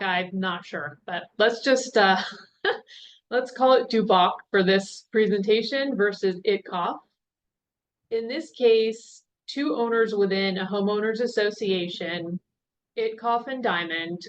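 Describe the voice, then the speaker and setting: A woman on a webinar panel presenting a legal case in a conversational way, with chatty asides to the audience. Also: mid-range voice. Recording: dull webinar audio with faint hiss.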